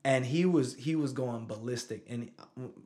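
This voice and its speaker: A man's voice: medium pitch, moderate pace, darkish tone. A man in his thirties, a father telling a story in casual conversation, who often asks "you know what I'm saying". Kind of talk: casual chat.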